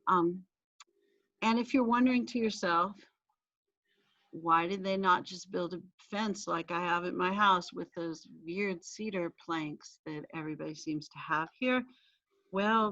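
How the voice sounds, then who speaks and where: A woman's voice: mid-range voice, dry recording. A middle-aged woman giving a casual history lecture, chatty and full of self-deprecating asides. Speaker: history teacher. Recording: dry, dull lo-fi recording.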